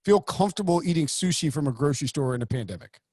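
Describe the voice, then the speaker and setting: A man with a high, light voice co-hosts a sports podcast in casual chat. He rambles and jokes, slipping into mock announcer bits now and then. The sound is close and dry. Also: expressive, quick pace, darkish tone, no echo. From United States. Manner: rambling, joking, with playful put-on announcer bits. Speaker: podcast co-host.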